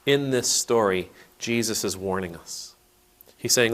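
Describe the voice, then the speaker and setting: Unhurried and a bit bright, a low-voiced Anglican priest preaches casually on a parable in a conversational video sermon. He retells the story using voices and frequently restarts his sentences.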